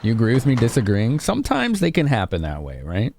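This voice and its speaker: A man's voice: medium pitch, wildly swooping pitch, quick pace, gravelly, a little mellow, a little hiss or hum. A man from Chicago streaming a game live, chatting casually with his viewers. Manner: casual, chatty, laughing with chat.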